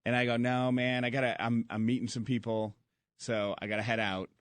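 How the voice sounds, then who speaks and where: A man's voice: medium pitch, level tone, a little fast, no echo. A man co-hosting a radio show, telling a story in a casual, rambling way with lots of fillers.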